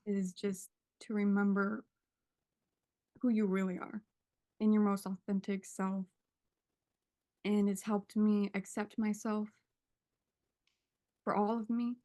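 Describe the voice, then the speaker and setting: A woman's voice: medium pitch, flat delivery, warm tone. Emotional woman sharing heartfelt testimony. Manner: earnest, searching for words, slow pauses. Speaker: guest. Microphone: video call.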